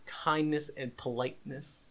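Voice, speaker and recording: Podcast co-host, male, slightly high voice, exasperated storyteller. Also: unhurried. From Italian-American. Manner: animated storyteller, exasperated ranting. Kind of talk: casual chat.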